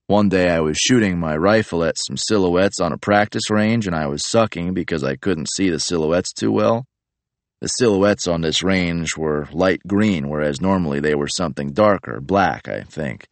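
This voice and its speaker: Deep deadpan male narrator. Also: moderate pace, no room sound. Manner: deadpan, matter-of-fact. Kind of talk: audiobook narration.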